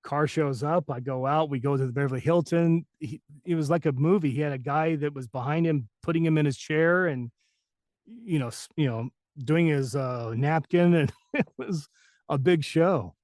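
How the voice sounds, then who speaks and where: A man who works as a voice actor, telling a story as a podcast guest in a lively, casual way and acting out the people he quotes. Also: a little high, moderate pace, dry recording, clean studio sound. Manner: animated, acts out the people he quotes.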